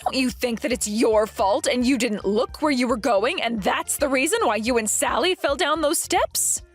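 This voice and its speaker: A woman voicing an indignant, accusing middle-aged mother-in-law in an animated story drama. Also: a little high, normal speed, soft background music, close to an everyday voice.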